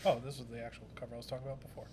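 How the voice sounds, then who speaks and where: Brief: young male podcast co-host, mid-pitch, steady delivery, explains with lots of fillers, faint background rumble. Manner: explains at length, halting with fillers and restarts. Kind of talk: casual chat.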